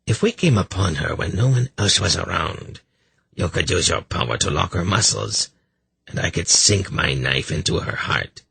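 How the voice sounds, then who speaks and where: A man voicing a sly, scheming male priest in an audiobook, with a gravelly, husky voice. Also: low-pitched, expressive, normal speed, pushed and bright, no room sound, heavily acted.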